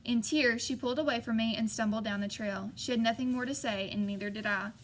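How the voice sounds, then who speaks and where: A woman's voice: on the high side, steady tone, a little fast, a little hiss or hum. A woman narrating a novel in the first person, voicing the characters lightly. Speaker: audiobook reader.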